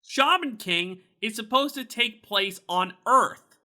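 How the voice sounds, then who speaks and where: A man hosting a casual podcast chat, animated, incredulous and swearing freely. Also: high voice, slow pace. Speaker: podcast host.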